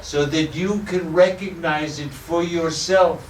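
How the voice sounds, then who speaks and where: A man who teaches spirituality tells a parable with playful humor to a small audience, his fairly high voice taking things slowly. The distant mic picks up roomy echo and slight background noise.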